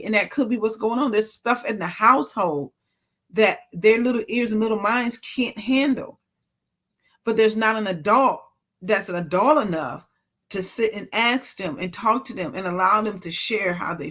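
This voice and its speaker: A woman's voice: medium pitch, a bit bright. A woman speaking at a ministry, giving an informal, emphatic faith-based talk and repeating phrases for stress. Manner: informal, conversational preaching.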